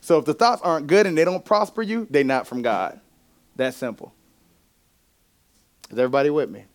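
A man's voice: fairly high pitch, fairly quick. A male pastor preaching a sermon in church, in a conversational way, often asking the congregation questions.

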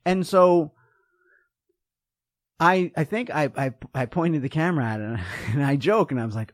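A man hosting a podcast, talking in an animated, joking way and acting out little voices. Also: a little high, unhurried, no room sound, clean studio sound. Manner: animated, jokey, acts out voices. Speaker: podcast host. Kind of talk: casual chat.

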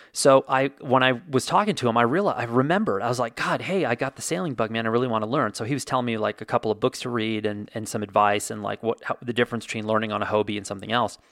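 A man's voice: lowish voice, gravelly, a bit bright, no echo, clean studio sound. A man telling chatty, jokey anecdotes in a casual monologue, acting out the quotes as he goes.

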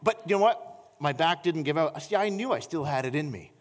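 A middle-aged man preaching as a pastor, telling stories with animated energy and slowing into soft, earnest appeals. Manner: animated storytelling, voice climbing high in anecdotes; slows and softens into earnest appeal. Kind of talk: sermon. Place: church sanctuary. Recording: long church reverb.

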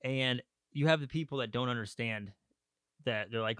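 A man's voice: medium pitch, fairly bright tone, clean tone, no room sound. Candid man with a dry close sound. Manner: candid, halting, with frequent restarts and fillers. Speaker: podcast host. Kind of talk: personal podcast monologue.

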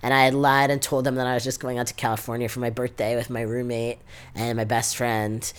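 A man's voice: mid-range voice, level tone, fairly quick, clear, resonant tone. A young adult man with a New York accent, telling a personal story in an interview, full of "like" fillers and quoted dialogue. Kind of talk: oral history interview.

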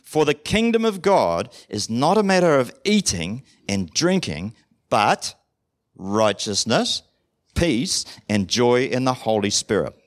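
Lively New pastor preaching. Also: male voice, mid-range voice, slow. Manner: conversational, asks the congregation questions; acts out short dialogues in different voices. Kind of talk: sermon.

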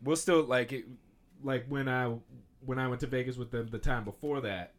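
A man with an ordinary-pitched voice tells a story in a casual podcast chat. He rambles, backtracks and restarts his sentences. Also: normal speed. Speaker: podcast co-host.

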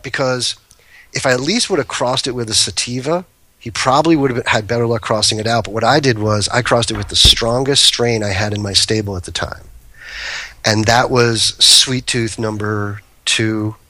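A man's voice: medium pitch, bright, forceful tone, dry recording. A man guest on a podcast telling rambling anecdotes full of restarts and asides. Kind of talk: casual storytelling.

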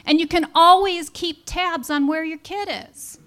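A middle-aged woman telling a personal story live on stage at a story slam, wry and animated, with humorous asides. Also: extremely high pitch, a little slow. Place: live storytelling event in a brewery.

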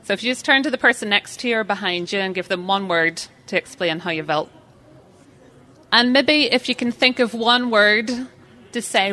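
Woman seminar speaker, bright and forceful, chatty, keeps quizzing the room. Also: medium pitch. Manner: chatty, self-deprecating, questions the audience. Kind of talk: interactive live seminar talk.

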